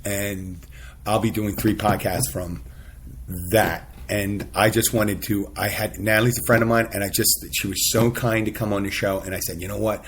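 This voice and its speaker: This is a male podcast host in a relaxed conversation who rambles and makes fun of himself. He laughs easily between thoughts. The recording has a faint background noise. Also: on the low side, moderate pace. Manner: rambling, self-deprecating, laughs often.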